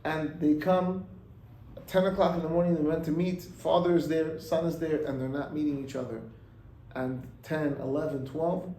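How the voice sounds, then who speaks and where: A rabbi telling a story in a sermon, acting out its voices and mixing in Hebrew and Yiddish words. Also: male voice, a little high, echoey room, a little hiss or hum, low-quality recording. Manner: animated, acts out the voices in the story.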